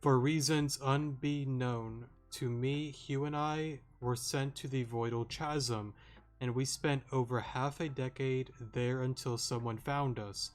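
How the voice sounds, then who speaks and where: A man gives voice to a calm young woman detective full of remorse. The reading is slow and earnest, like someone voicing game text aloud. Faint game music sits under the voice. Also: mid-range voice, lightly acted. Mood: solemn.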